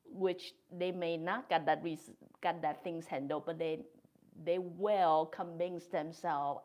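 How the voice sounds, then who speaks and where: A woman hosting her own podcast, talking through a reflective monologue in a gentle, thoughtful way, speaking English with non-native grammar. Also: lowish voice, unhurried. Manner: gentle, thoughtful, with soft laughs. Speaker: podcast host.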